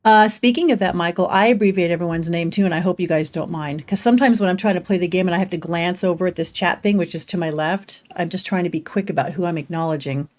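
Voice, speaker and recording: A woman's voice: fairly low pitch, fast talker, hardly any pauses, a little mellow. A middle-aged woman chatting casually while streaming a game, laughing often and reading chat aloud. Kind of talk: casual gameplay livestream chat.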